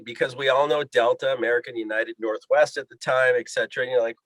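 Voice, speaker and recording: A man's voice: mid-range voice, fast talker, few pauses, no echo. A man telling a story as a podcast guest, acting out the voices in the dialogue he quotes. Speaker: guest, pilot and fishing guide. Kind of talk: animated storytelling.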